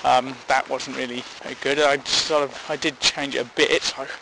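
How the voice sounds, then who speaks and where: Guy ranting crude jokes, middle pitch, lots of background hiss. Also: brisk, gravelly. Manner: rambling, crude, animated ranting. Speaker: podcast comedian. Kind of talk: crude comic monologue.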